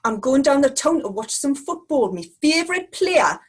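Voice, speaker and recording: A woman's voice: sits high, very animated, normal speed, pitched above the performer's own voice. A woman putting on a brash, swearing Geordie woman with a laughing, coarse manner. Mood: rowdy.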